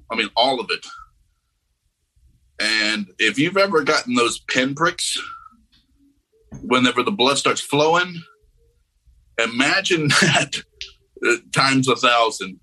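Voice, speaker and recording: A man telling a personal near-death story in a casual, animated way, acting out the voices of people in it. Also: medium pitch, low-quality recording. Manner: animated, acts out quoted voices.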